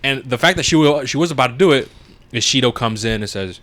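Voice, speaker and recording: A young man co-hosting a podcast, casually recapping a TV episode, acting out characters in quick silly voices and swearing freely. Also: medium pitch. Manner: animated, acts out characters in silly voices, profane. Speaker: podcast co-host.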